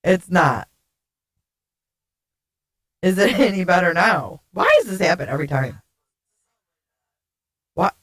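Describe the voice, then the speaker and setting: A woman's voice: lowish voice, lively intonation, takes it slowly, pauses often, fairly bright tone, slightly rough. Woman streamer with a glitchy alien-sounding voice changer. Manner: giggly, flustered, swears casually. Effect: glitchy voice changer making her sound alien. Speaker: livestream host. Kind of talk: casual livestream chat with viewers. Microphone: desktop streaming mic.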